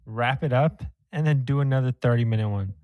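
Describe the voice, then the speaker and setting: A man's voice: medium pitch, a little fast, no room sound, narrow, tinny audio. A young man co-hosting a podcast in casual chat, teasing the others and laughing often. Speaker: podcast co-host.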